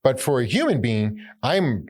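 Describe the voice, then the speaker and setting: A man's voice: medium pitch, big pitch swings, a little slow, darkish tone, slightly rough. A man hosting an interview, thinking aloud and often repeating words as he shapes his points. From United States. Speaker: podcast host. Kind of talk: conversational interview.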